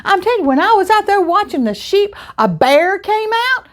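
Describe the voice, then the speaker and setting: A brave young shepherd boy, eager and insistent, with a high, bright voice, as a woman telling a children's Bible story puts him on. He talks quickly and with conviction. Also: sing-song.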